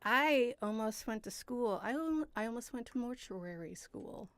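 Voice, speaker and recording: A woman co-hosting a casual podcast chat, playful and quick to laugh. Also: fairly high pitch, lively intonation, fairly bright tone, clean tone, no echo. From Illinois. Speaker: podcast co-host.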